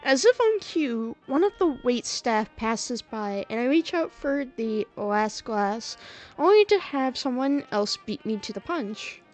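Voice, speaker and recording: A woman's voice: a little high, lively intonation, a little slow, a little mellow, faint music behind. A woman streamer reading a story game aloud and reacting with giggles and chatty asides.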